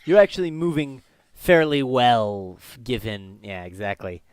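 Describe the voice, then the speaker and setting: A man guides his players through a tabletop game, describing each moment at an even, mid-range pitch. His narration is loose and conversational, dotted with ums and uhs. The sound is dry and close, with no room around it. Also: unhurried, smooth, dry recording. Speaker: game master.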